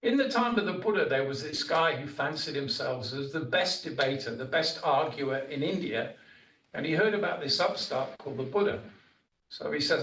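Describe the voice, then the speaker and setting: A Buddhist monk giving a dharma talk, chatting his way through stories with casual asides. His voice sits somewhat high for a man. He is picked up from a distance in a roomy meditation hall. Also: lively intonation, moderate pace, a bit bright. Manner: conversational storytelling with asides.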